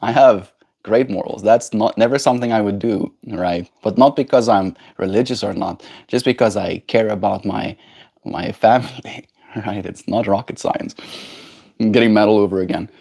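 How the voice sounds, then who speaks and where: Male livestreamer, low-ish register, blunt and swears freely, loose casual delivery. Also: normal speed, gravelly, warm tone, husky. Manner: heated, blunt and profane, with frequent "right?". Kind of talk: casual livestream chat, reading viewer messages.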